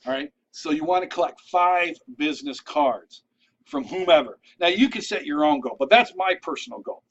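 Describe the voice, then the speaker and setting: A man's voice: a little high, expressive, moderate pace, fairly bright tone. Chatty man on a muffled recording. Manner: conversational, checks in with "all right?"; loose and rambling, with restarts and asides. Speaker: vlogger giving networking tips. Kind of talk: casual advice talk to camera.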